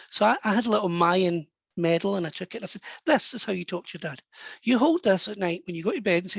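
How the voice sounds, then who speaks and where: Husky Scottish man telling a story. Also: high voice, fast, no echo. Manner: soft, warm and anecdotal, drops to a hush at moving moments. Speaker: guest medium and author. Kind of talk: storytelling in an interview.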